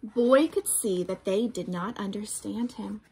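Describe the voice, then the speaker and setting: A woman reading a children's picture book aloud as a teacher, slow and expressive, pausing to ask her listeners questions. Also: medium pitch, slightly rough.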